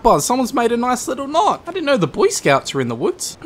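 A man doing excited game commentary, yelling and laughing as he plays. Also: sits high, a little fast, hardly any pauses, very noisy. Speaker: gaming YouTuber. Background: game music.

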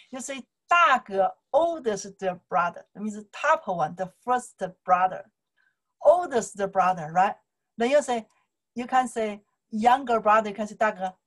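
A woman with a Chinese accent, a Chinese teacher explaining to camera, repeating phrases in simple broken English. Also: on the high side.

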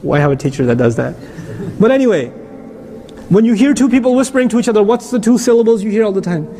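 High-voiced man giving an emphatic religious lecture. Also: lively intonation, fast, dark tone. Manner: emphatic, repeats key phrases, asks rhetorical questions. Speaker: Islamic lecturer.

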